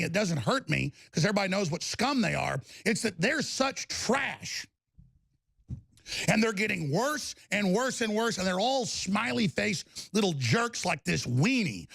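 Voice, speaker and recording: Angry talk radio host guy, gravelly high voice, ranting over and over, dry studio sound. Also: a bit bright, no room sound. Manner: angry, aggressive, repetitive ranting. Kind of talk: live talk radio rant with product ads.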